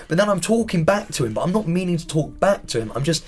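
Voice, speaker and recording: A man in his thirties with an English accent, a podcast guest telling animated stories in casual chat and swearing freely. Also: on the high side, rapid-fire.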